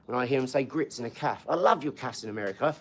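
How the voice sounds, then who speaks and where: A man's voice: mid-range voice, animated, fast, a bit bright. A man hosting a casual livestream, rambling between topics, swearing freely and answering viewers' comments. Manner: talks to viewers' comments directly. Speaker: livestream host.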